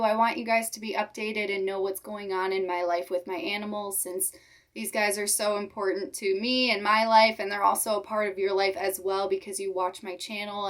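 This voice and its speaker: A young woman hosting her reptile channel, talking to viewers in a halting voice while holding back tears. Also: medium pitch, fairly bright tone, far from the mic. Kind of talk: emotional vlog talk to viewers.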